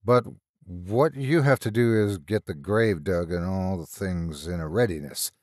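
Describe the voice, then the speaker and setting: A male narrator voicing a formal, brisk country rector giving orders in a storybook reading. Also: sits low, a little mellow, dry recording, studio quality. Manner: brisk, formal and a little impatient. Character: brisk middle-aged country rector, impatient and proper.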